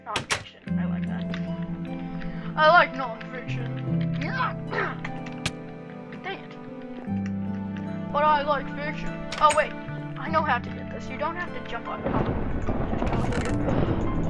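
A woman's voice: high-pitched, animated, slow pace, long pauses, muffled recording, loud music behind the voice. A woman giving cocky, trash-talking commentary over her own gameplay as host of a gaming channel.

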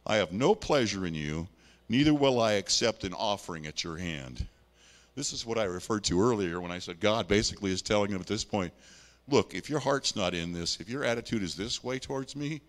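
A male pastor preaching with a lively, swinging pitch. He talks to the congregation in a folksy, conversational way, mixing scripture reading with homely asides. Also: in a large hall. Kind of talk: sermon.

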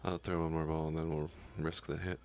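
A man's voice: extremely low pitch, level tone, brisk, a little mellow. A young man narrating his own video game run, cursing the game and talking in a frustrated, profane way. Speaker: gaming YouTuber. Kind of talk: profane Let's Play commentary.

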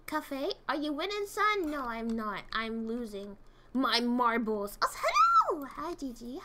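A woman streaming a game, talking casually in an excitable, jumpy way and swearing often. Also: a little high, slight background noise. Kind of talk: casual gameplay commentary.

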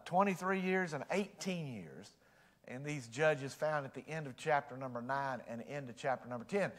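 Folksy pastor, higher voice. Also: male voice. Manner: folksy and joking, with fillers. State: voice strained by allergies. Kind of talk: sermon. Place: church sanctuary.

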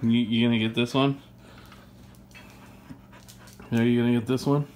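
A man's voice: mid-range voice, flat delivery, quick pace, a little mellow, a little hiss or hum. A man vlogging casually, playfully teasing his dog and laughing often. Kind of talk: casual vlog chat.

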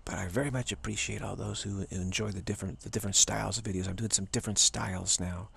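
A man hosting a casual spiritual talk video, rambling playfully with hushed asides. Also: on the low side, fairly even intonation, fast talker, creaky, husky.

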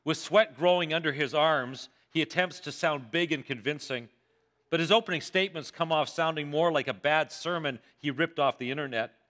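A man's voice: fairly high pitch, normal speed, a bit bright. A male pastor preaching a sermon told as a dramatic courtroom story, voicing the characters himself. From Canada. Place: church sanctuary.

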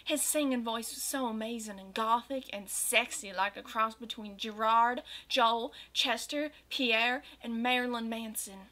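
A young woman reading a fanfiction aloud, dropping sarcastic, deadpan asides between passages. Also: a little high, measured pace, few pauses. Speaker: reader of fanfiction. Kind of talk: mocking read-aloud with asides.

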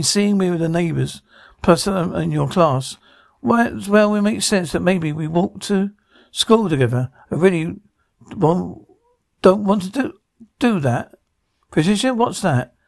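A man's voice: on the high side, gravelly, no echo, studio quality. A man reading every part of a drama aloud, sound cues included, with slips and restarts. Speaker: radio show reader voicing a TV drama.

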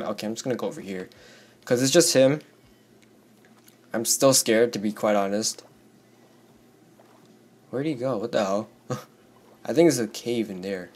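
Hoarse teen guy doing minecraft commentary, rambly and jumpy, yelps a lot, keyboard clicking. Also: medium pitch, normal speed, pauses often. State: hoarse from screaming. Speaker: gaming YouTuber. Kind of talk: Minecraft let's play commentary.

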